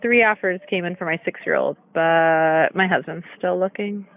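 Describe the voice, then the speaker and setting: A woman telling jokes about her husband in a flat, deadpan way. Her voice comes through thin and tinny, like a phone line. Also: lowish voice, moderate pace, creaky. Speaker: stand-up comic. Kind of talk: stand-up bit.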